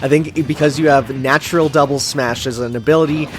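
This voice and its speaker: A man's voice: fairly high pitch, fairly even intonation, quick pace, slight background noise. A man co-commentating a video game, chatting casually and rambling through trivia with lots of fillers.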